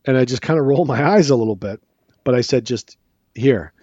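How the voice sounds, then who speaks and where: A man with a mid-pitched voice spins a rambling, profane story on a podcast, circling back over his own words. The recording sounds dull and lo-fi, close and dry. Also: fairly quick, warm tone, slightly rough, no room sound. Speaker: podcast co-host. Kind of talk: casual storytelling chat.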